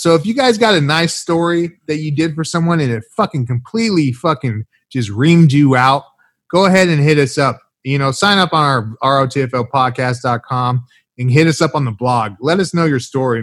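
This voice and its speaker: A man's voice: mid-range voice, a little fast, no room sound. A man co-hosting a crude comedy podcast, telling profane stories with lots of swearing and acted-out voices. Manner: profane, animated storytelling with shouted quoted voices. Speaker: podcast co-host.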